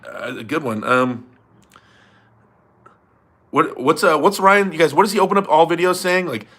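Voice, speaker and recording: Bright-voiced young streamer. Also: male voice, a little high, animated, moderate pace. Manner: loose, swears often, laughs a lot. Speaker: livestream host reading super chats. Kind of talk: casual chat.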